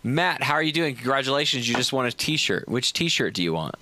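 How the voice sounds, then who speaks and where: A man's voice: medium pitch, very animated, fairly quick, sharp tone, dry recording. A man hosting a casual call-in podcast, teasing callers and laughing, a bit tipsy. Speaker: podcast host.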